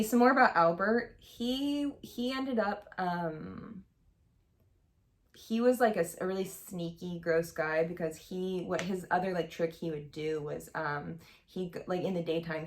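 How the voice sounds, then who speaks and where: A young woman recounts a personal story in a loose, chatty vlog manner, her lowish voice catching with a gravelly rasp at the ends of phrases. She rambles candidly, stacking fillers as she goes. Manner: chatty, heavy use of "like" and "um", candid. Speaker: vlogger. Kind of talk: casual storytelling to camera.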